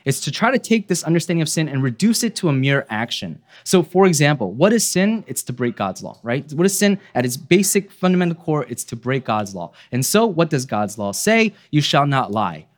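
Delivering his sermon in a sing-song voice, a little fast with hardly any pauses, a pastor speaks earnestly. He asks rhetorical questions and lowers his voice to make key points hit home.

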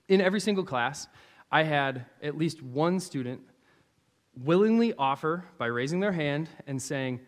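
A man preaching a sermon, telling stories from teaching kids and acting out their replies in a lively way. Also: a little high, fairly quick. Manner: animated storyteller, acts out students' replies. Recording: long hall reverb.

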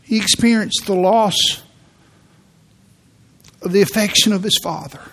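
A man giving a sermon as a pastor, preaching in a church with slow, emphatic delivery and repeated key words. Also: high voice, fairly bright tone. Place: church sanctuary.

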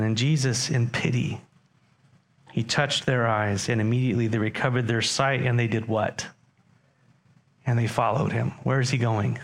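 A man's voice: mid-range voice, unhurried, pauses often. A man preaching a sermon as pastor, talking conversationally and putting questions to his congregation.

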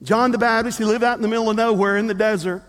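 A man preaching a sermon as a pastor, telling a story in a lively way with humorous asides. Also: sits high, fast talker. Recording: long reverb of a large hall.

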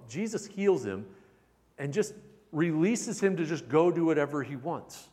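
A man preaching a sermon as a pastor, animated, shifting between loud emphatic bursts and soft, intimate passages. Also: on the high side, moderate pace, big-room sound.

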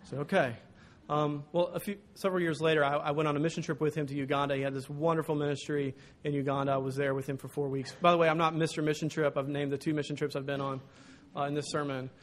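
A man preaching a sermon as pastor, animated and storytelling, acting out what people said. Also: a little high, quick pace, hardly any pauses. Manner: storytelling, animated, acts out quotes.

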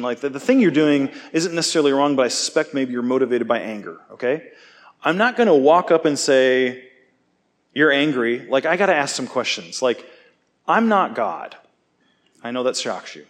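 A man giving a conversational sermon, relaxed and self-deprecating, often checking in with his listeners. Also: medium pitch. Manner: casual, self-deprecating, asks "okay?" often. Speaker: preacher.

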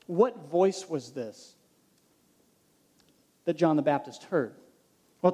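A male pastor delivering a sermon, reading scripture and asking his congregation questions. His voice sits high for a man and has a mellow, soft-edged tone. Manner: preaching, asks the congregation questions.

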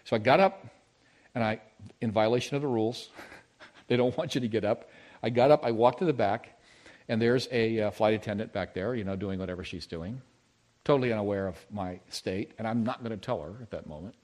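A male pastor giving a sermon, telling a personal story, moving between loud emphasis and hushed, intimate moments. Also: lowish voice, a little fast.

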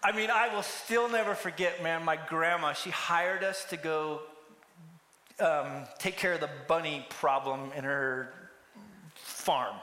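A man's voice: fairly high pitch, a little slow, pushed and bright. A man preaching a sermon, telling a story and acting out the characters' lines. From United States. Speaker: pastor. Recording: echoey hall with long reverb.

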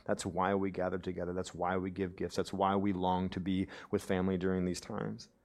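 A young adult male pastor preaching a sermon, swinging from emphatic outbursts to hushed, near-whispered passages, with conversational asides. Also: low voice, completely flat delivery, a little fast. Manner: conversational, with frequent "right?" asides.

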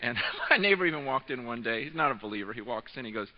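A man in his thirties preaching a sermon, telling a story with excitement, often repeating and restarting his words. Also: mid-range voice, fast talker. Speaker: pastor. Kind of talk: sermon with an animated storytelling aside. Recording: echoing hall, dull lo-fi sound.

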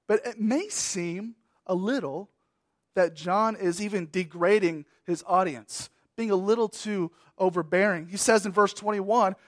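A man preaching a sermon as pastor, repeating key words and swinging between emphatic raised passages and hushed, trailing phrases. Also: high-pitched, a little slow, no room sound, clean studio sound.

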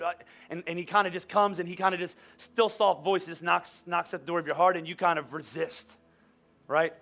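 A man in his forties preaching a sermon as a pastor, animated and storytelling with playful humor. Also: sits high, quick pace. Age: 40s. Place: church. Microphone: wearing a microphone.

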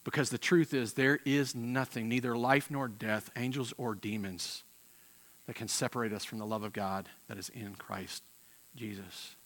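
A man preaching a sermon with passion, swinging from loud emphatic peaks to quiet, intense moments and often repeating words as he restarts phrases. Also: medium pitch, steady tone, normal speed. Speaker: pastor.

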